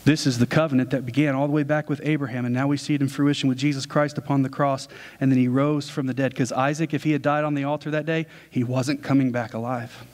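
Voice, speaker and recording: A man's voice: medium pitch, flat delivery, fast, darkish tone. A man preaching a sermon, retelling a story in a casual, conversational way. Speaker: pastor.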